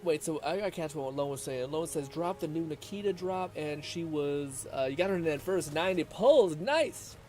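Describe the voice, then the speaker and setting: A man's voice: a little high, lively intonation, moderate pace, few pauses, darkish tone. Chatty, swearing male game streamer. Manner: chatty, swears, laughs, reads chat aloud. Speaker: live streamer. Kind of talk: casual gaming commentary. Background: game music.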